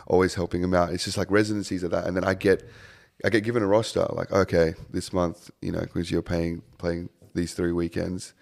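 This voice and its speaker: A man's voice: deep voice, little pitch movement, brisk, vocal fry. A young man, a DJ chatting casually on a podcast, swearing freely and acting out stories. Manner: swears a lot, acts out crowd scenes loudly. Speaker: touring DJ guest.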